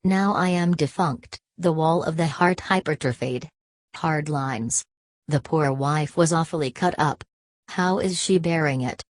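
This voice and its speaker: A woman's voice: deep voice, measured pace, no echo. A woman reading the part of a dead clerk's ghost, speaking in a hollow, earnest way.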